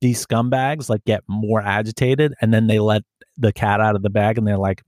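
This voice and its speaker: A man's voice: on the low side, steady tone, a little mellow, no echo, clean studio sound. Profane, storytelling male cop. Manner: profane storytelling, mimics people in quick put-on voices. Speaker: police officer. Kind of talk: casual podcast chat.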